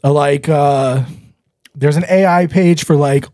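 A man's voice: fairly high pitch, fairly even intonation, measured pace, warm tone, no room sound, clean studio sound. A young man co-hosting a podcast in casual chat, rambling, dropping lots of "like" and swearing freely. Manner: rambling, leans heavily on "like"; swears freely and laughs between lines. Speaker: podcast co-host.

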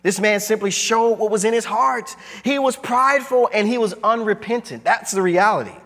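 Pastor guy preaching hard, high lively voice, echoing through a church. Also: normal speed. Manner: emphatic preaching, lively swings of pitch. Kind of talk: sermon. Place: church sanctuary.

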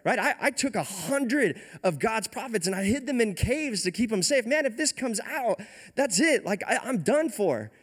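A man's voice: very high-pitched, sing-song, a little slow, few pauses, voice pushed up, exaggerated voice. Man putting on a stammering, panicky steward. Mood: panicked. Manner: frantic, stammering, pleading. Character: panicky frightened male royal steward.

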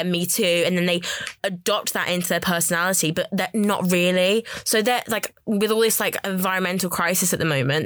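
19 yr old brummie girl ranting on a podcast, lowish voice, dry close mic, says like a lot. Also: clean tone, dry recording. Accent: Birmingham. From Birmingham, England. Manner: rambling, lots of "like", animated ranting. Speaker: podcast co-host. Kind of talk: casual chat.

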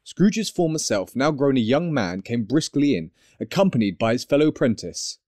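Expressive male audiobook narrator. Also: mid-range voice, normal speed, dry recording, studio quality. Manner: animated, expressive storytelling. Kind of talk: scripted narration.

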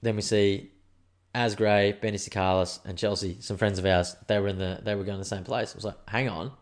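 A young Australian man in a casual podcast at home, spinning a yarn with animated, slangy energy and frequent swearing. His voice sits a little on the lower side. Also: brisk. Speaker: podcast host. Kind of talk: casual storytelling. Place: indoors at home.

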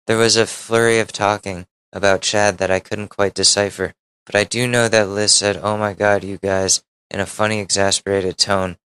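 A podcast host with a fairly low voice reads a confessional online post aloud in a candid, conversational way. He stops now and then for short, wry asides and swears casually. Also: fairly even intonation, moderate pace, a bit bright, clear, resonant tone, poor audio. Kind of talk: reading a Reddit post aloud.

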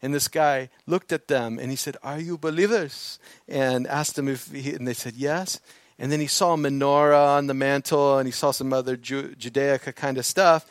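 A man preaching a sermon, moving from quiet storytelling to emphatic, building preaching on scripture. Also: medium pitch, steady tone, moderate pace, no room sound.

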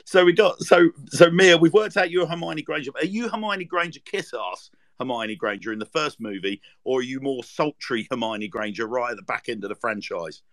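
A man's voice: mid-range voice, moderate pace, few pauses, no room sound. A man hosting a casual podcast chat, jokey and teasing, with lots of fillers. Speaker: podcast host.

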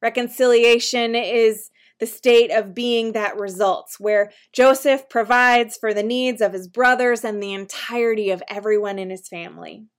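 A woman's voice: fairly high pitch, fairly even intonation, clean tone. Woman preaching in a conversational tone. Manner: gentle, conversational preaching with slow emphatic pauses. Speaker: pastor. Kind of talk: sermon.

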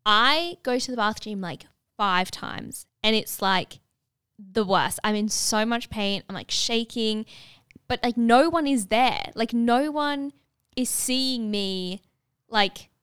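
A young woman telling a story in casual chat, animated and full of fillers, acting out what others said. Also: on the high side, takes it slowly, smooth, dry recording, studio quality. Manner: animated, many filler "like"s, acts out dialogue.

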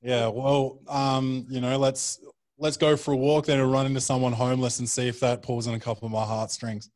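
A man's voice: mid-range voice, little pitch movement, fairly quick, darkish tone. A young man, a comedian guest, telling rambling anecdotes and swearing freely in casual chat.

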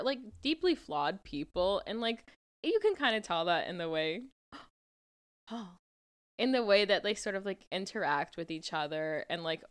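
A young woman co-hosting a casual podcast, her pitch rising and falling a lot as she talks. She reflects earnestly on the films and leans on constant filler words. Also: fairly bright tone, smooth. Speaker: podcast co-host. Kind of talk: casual chat.

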